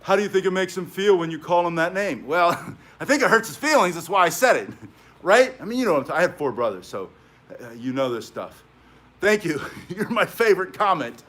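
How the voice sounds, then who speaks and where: A man's voice: high-pitched, sing-song, fairly quick, a bit bright. Chatty middle-aged self-defense instructor, man. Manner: conversational, chatty asides, frequent "right?". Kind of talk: casual instructional talk.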